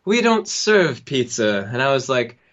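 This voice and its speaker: A young man telling a funny personal story on a podcast, acting out the people in it and laughing now and then. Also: medium pitch. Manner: animated, acts out the people in his story with quick laughs. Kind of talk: casual storytelling. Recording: dull lo-fi sound.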